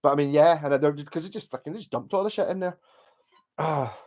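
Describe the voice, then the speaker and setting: Scottish male streamer, fairly high-pitched, casual sweary ramble. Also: darkish tone. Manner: sweary, rambling, quick to laugh. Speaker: livestreamer. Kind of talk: casual rambling livestream chat.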